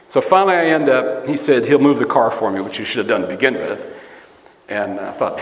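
A man preaching in a relaxed, storytelling way, wandering through anecdotes and catching his own slips. His voice sits at an ordinary middle pitch. The sound rings out in a roomy hall with a long reverb tail. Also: brisk. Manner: storytelling, rambling, self-correcting. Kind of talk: conversational sermon with personal stories.

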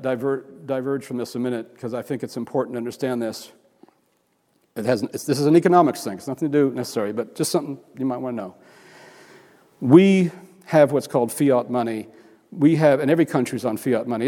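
A man preaching a sermon in a conversational, rambling way, full of restarts and asides, his voice climbing high and animated whenever he acts out what other people say. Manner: rises high and animated when acting out quotes. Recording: long hall reverb.

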